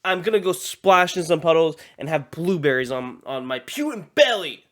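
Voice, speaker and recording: Man putting on a giddy world leader, loud, eager, high and excited, yelling. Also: moderate pace. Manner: shouty, excited.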